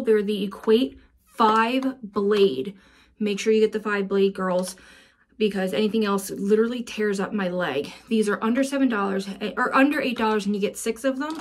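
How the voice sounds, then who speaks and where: A woman vlogger chatting casually at home, gushing and rambling as she shows off her purchases. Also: medium pitch. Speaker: beauty vlogger. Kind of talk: casual chat. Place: home, indoors.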